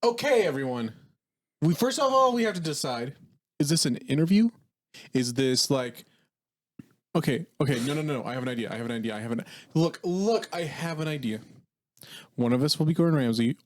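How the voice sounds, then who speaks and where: A man's voice: on the high side, lively intonation, a little fast, long pauses. A man hosting a comedy podcast, rambling and laughing as he sets up an improv bit. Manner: rambling, laughing, switching mock accents. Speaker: podcast host.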